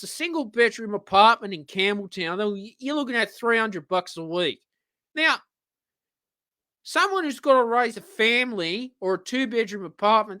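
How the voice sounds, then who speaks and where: A man's voice: high voice, pushed and bright, no room sound. An Australian man hosting a live-streamed radio-style show, ranting in an exasperated, profane way. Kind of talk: live-streamed solo rant.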